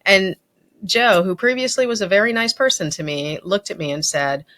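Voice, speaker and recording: A woman's voice: medium pitch, normal speed, fairly bright tone. A middle-aged woman hosting a podcast, telling a work story in a candid, self-deprecating, conversational way. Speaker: podcast host and dental practice speaker. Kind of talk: storytelling monologue.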